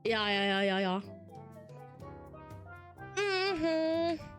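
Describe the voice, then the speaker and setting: A woman's voice: high-pitched, sing-song, very slow, a bit bright, soft background music. A woman streamer chatting casually with her live chat, brash and swearing freely as she reads messages aloud.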